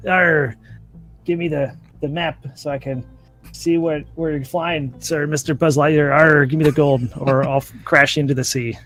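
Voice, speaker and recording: A man voicing a gruff male pirate captain who growls in pirate slang. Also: a little high, fairly even intonation, normal speed, fairly bright tone, soft background music, low-quality recording.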